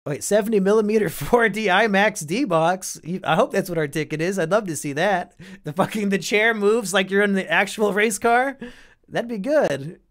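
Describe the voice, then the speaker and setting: Young guy from iowa streaming, answers chat, sarcastic and cussing, kinda higher voice. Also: normal speed, fairly bright tone. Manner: profane, sardonic, reacts to chat messages. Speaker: live stream host. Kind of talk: casual live stream chat reading.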